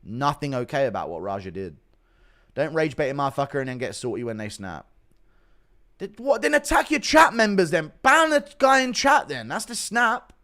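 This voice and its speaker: Animated man live-streaming. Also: a little high, moderate pace. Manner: animated, swears casually, reads donations aloud. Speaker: livestreamer reading chat. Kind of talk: casual livestream chat.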